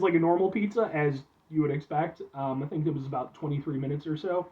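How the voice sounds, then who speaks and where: A man from Illinois reviewing frozen food from a chair in his back room, talking to his viewers in an excitable, chatty way. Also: fairly high pitch, normal speed, muffled recording. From Illinois, USA. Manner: excitable, chatty, keeps addressing viewers as folks. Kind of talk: casual food review vlog. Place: back room at home, seated.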